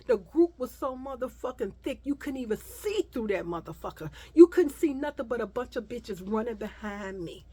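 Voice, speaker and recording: Woman, fairly high voice, storytime vlog, profane, dramatic, animated. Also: normal speed, few pauses, breathy edge. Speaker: vlogger.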